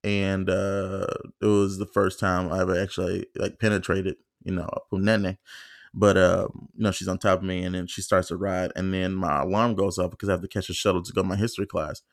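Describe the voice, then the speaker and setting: Gravelly low-voiced man rambling casually. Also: flat delivery, brisk, no room sound, clean studio sound. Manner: profane, rambling, many fillers, acts out quoted lines. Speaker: podcast host. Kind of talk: casual solo storytelling.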